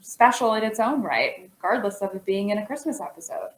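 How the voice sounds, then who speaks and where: A woman co-hosting a casual TV recommendation chat, relaxed and conversational with some fillers. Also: mid-range voice, a little fast. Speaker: co-host. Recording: echoey room.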